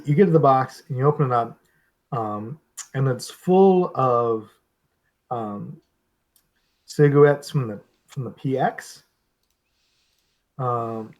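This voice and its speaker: A man's voice: mid-range voice, a little mellow. Guy running a tabletop game, lots of ums, normal mid voice. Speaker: game master.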